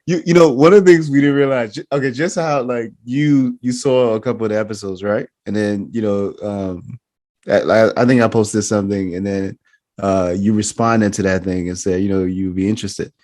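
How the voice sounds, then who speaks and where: A man's voice: on the low side, normal speed. Rambling male podcast host. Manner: rambling, animated when making a point. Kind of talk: casual interview chat.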